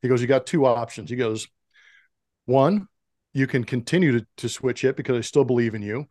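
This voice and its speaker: A man's voice: medium pitch, normal speed, no echo, clean studio sound. A middle-aged man telling stories as an interview guest, acting out the voices in the dialogue he recounts. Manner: animated storyteller who acts out quoted dialogue. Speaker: interview guest, former pro baseball player. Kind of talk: storytelling in a podcast interview.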